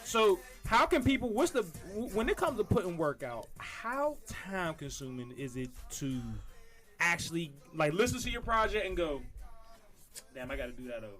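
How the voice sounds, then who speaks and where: A man's voice: sits high, big pitch swings, normal speed, fairly bright tone, soft background music. A man hosting a casual podcast chat, rambling and swearing freely as he talks. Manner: rambling, profane, restarts often. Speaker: podcast host.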